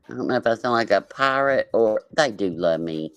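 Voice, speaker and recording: A woman's voice: very deep voice, animated, moderate pace, hardly any pauses, no room sound, poor audio. A woman hosting a casual livestream, joking and laughing as she reacts to other streamers. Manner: sassy, joking, lots of laughter. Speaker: host.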